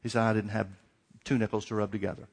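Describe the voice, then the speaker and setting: A man's voice: fairly low pitch, flat delivery, quick pace, a little mellow. A middle-aged man preaching a sermon, asking repeated questions and acting out little dialogues. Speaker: pastor.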